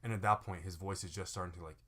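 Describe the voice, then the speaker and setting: A man's voice: sits low, steady tone, very fast, a bit bright. A young man co-hosting a comedy podcast, chatting casually in a playful, rambling way full of fillers. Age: young adult. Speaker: podcast co-host.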